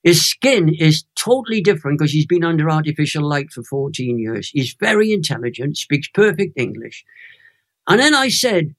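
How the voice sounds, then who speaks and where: Man, 80s, Welsh accent, fairly high voice, emotional testimony, animated storytelling. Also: normal speed. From Wales. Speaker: guest, Christian minister.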